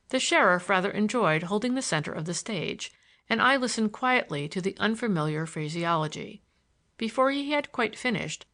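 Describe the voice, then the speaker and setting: A woman narrating an audiobook in an expressive reading voice. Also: medium pitch. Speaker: audiobook reader. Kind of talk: storybook narration.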